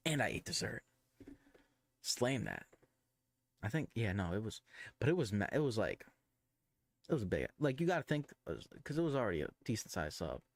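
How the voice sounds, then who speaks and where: A man's voice: lowish voice, no room sound. A man live streaming, telling rambling casual stories with crude slang, fillers and restarts.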